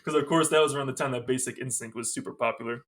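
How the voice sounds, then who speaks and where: A man's voice: medium pitch, rapid-fire. A man co-hosting a podcast, casually recapping a movie scene by scene and quoting its lines. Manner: animated recapping with quoted lines and swearing. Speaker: podcast co-host. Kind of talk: casual movie review chat.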